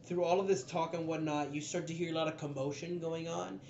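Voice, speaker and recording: Man as a casual dungeon master, slightly high voice, rambling and filler-heavy, recorded dull and roomy. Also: steady tone, vocal fry, darkish tone. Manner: loose, laughing, filler-heavy storytelling with quick put-on voices. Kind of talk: casual tabletop game narration. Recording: dull echoey room recording.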